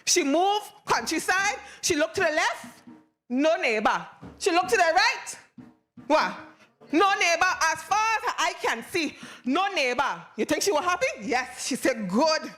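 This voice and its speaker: Lively Virgin Islands Creole storyteller woman. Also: extremely high pitch, a little slow, faint music behind. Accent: Virgin Islands Creole English. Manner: lively, call-and-response with audience. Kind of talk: animated folktale telling.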